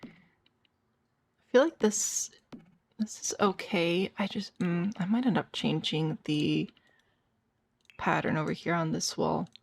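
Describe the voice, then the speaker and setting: A tired woman with a hoarse voice, chatting casually to her viewers as a streamer while she plays a game and thinks aloud. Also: fairly low pitch, fairly even intonation, a little slow. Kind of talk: casual gameplay chat.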